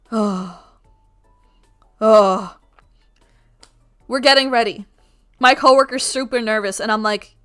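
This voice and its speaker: A woman streamer telling a story in a casual, animated rant, swearing freely and able to project her voice loudly. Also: fairly high pitch, takes it slowly, long pauses, clear, resonant tone, soft background music. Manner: can project a loud voice. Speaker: art streamer.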